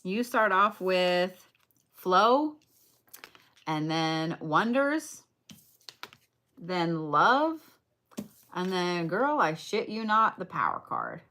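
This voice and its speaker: Lady reading cards on a live stream, swears a lot, chats w viewers, kinda low voice. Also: very animated, extremely slow, long pauses, pushed and bright. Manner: blunt, profane, chatty with viewers. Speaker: card reader on a livestream. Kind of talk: casual livestream card reading.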